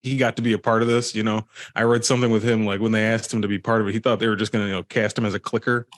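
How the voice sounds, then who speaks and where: A man co-hosting a casual podcast chat, talking things through in a relaxed, analytical way. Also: fairly low pitch, very fast, dry recording, studio quality. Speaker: podcast co-host.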